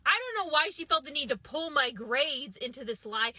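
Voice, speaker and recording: A young woman telling a comic storytime monologue, acting out the people she quotes with animated shifts in her voice. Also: sits high, a little fast, few pauses, dry recording.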